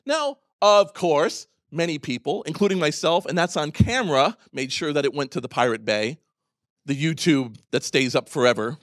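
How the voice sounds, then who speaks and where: A man speaking at a conference, his pitch leaping all over the place as he rants with biting sarcasm and the odd curse. He drops into low asides, then bursts out high and loud. The sound is dry and close, with no room around it. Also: expressive, moderate pace, dry recording. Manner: sarcastic, profane, ranting storyteller; swings from low mutters to loud, high outbursts. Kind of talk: animated conference talk.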